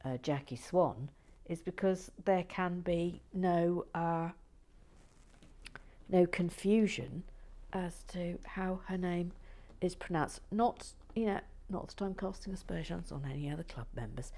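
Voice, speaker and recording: A woman hosting her channel in relaxed, playful chat, often dropping into whispered asides and stammering restarts. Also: on the low side, unhurried. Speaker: channel host building and reviewing brick sets. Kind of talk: relaxed casual chat to viewers.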